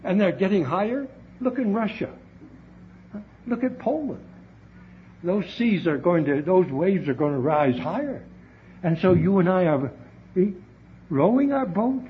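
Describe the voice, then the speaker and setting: A man's voice: sits high, animated, unhurried, pauses often. A man preaching a heartfelt sermon to his congregation, often calling out to them as brethren. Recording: dull, lo-fi recording with faint hiss.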